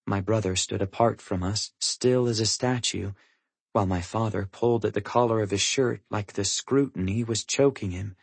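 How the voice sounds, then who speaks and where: A man reading a first-person audiobook, in a measured, somber manner. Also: fairly low pitch, creaky, slightly rough, no room sound. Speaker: audiobook narrator.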